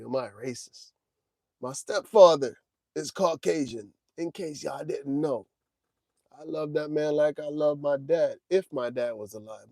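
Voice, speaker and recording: A man's voice: mid-range voice, darkish tone, no echo. A man in his forties hosting a trucking livestream, talking casually and directly to his chat. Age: 40s. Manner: laid-back, talks straight to chat, drawls "man" and "y'all".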